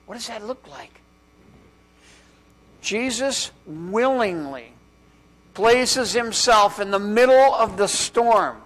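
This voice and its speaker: A male pastor preaching a sermon in a church, with dramatic pauses and strings of rhetorical questions, dropping to a hush on key words. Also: high voice, animated. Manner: drops to a hushed voice on key words.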